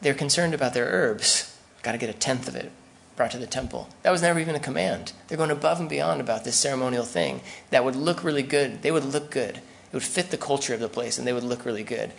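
This pastor preaches casually, as if chatting, and sometimes imitates the people in his illustrations. He speaks at a typical male pitch with a clear gravelly roughness, moving quickly with few pauses.

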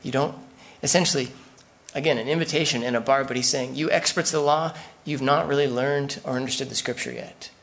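A man's voice: medium pitch, steady tone, a little fast, vocal fry, few pauses, fairly bright tone. A man preaching a sermon in a conversational way, acting out the voices of the people he quotes. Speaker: pastor.

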